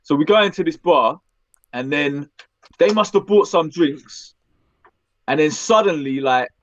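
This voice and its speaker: A man telling animated stories as a podcast co-host, often tagging his lines with questions. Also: on the high side, measured pace, no echo, lo-fi sound. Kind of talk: casual chat, storytelling.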